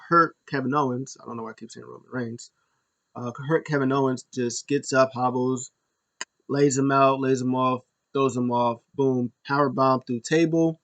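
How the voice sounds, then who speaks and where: A man's voice: mid-range voice, dull audio. Rambling man recapping wrestling. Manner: rambling, many fillers and self-corrections. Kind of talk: casual recap.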